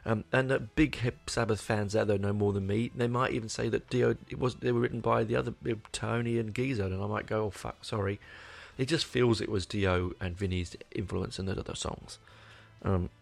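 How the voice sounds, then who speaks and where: A man's voice: lowish voice, fairly even intonation, fairly quick, gravelly. A man casually reviewing a record, rambling and swearing with plenty of restarts and enthusiasm. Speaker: album reviewer. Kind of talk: casual spoken album review.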